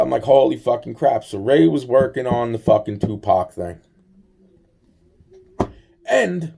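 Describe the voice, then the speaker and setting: Male storyteller, casual and profane, rambling with restarts, mid pitch, mellow tone. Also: vocal fry, husky. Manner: acts out both sides of conversations.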